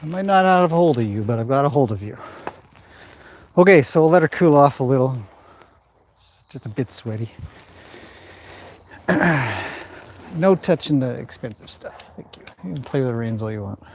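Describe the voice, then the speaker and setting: A man giving calm livestream commentary while training a horse in an indoor arena, talking to the horse and his viewers in turn. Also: mid-range voice, normal speed, pauses often, a little hiss or hum.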